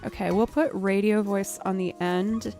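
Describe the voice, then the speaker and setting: Woman streamer, mid pitch, chatty and self-deprecating, faint music behind. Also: steady tone, normal speed, dark tone. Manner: jumps up in pitch when surprised. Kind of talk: casual live-stream chat.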